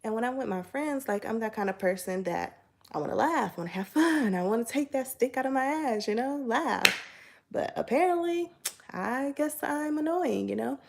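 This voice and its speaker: Chatty young woman with vocal fry. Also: fairly high pitch, animated, fairly quick, fairly bright tone, a little hiss or hum. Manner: chatty, filler-heavy, acts out both sides of dialogue. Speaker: YouTuber. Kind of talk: casual storytime.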